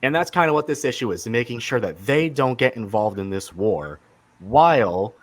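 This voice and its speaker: A man's voice: mid-range voice, lively intonation, normal speed. A man hosting a casual podcast chat about comics, enthusiastic and rambling with many fillers and restarts. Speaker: podcast host.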